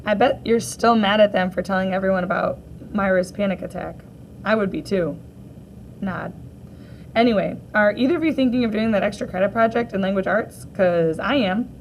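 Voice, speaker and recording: A woman teacher reading a graphic novel aloud for children, gently voicing each character in turn. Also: mid-range voice, normal speed, a little hiss or hum, rough recording.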